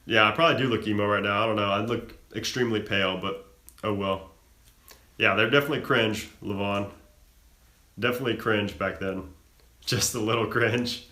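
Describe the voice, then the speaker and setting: A young man with a low but bright, forceful voice chats casually on a live stream, answering viewer questions. He talks loosely, with fillers and little self-amused laughs. The room around him is echoey. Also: normal speed, pauses often. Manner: relaxed, chatty, frequent fillers and self-laughs.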